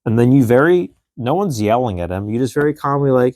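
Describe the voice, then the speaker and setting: This co-host, also a man in his thirties, speaks at medium pitch with lively intonation, a little fast and a little mellow, in a dry recording. Exasperated, he vents casually about parenting on the podcast and performs his child's quotes.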